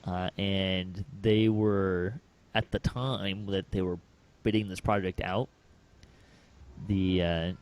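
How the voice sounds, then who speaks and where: A man with a lowish voice hosts a casual podcast chat. He rambles through anecdotes, pausing on fillers and chuckling as he goes. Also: little pitch movement, a little mellow. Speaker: podcast host.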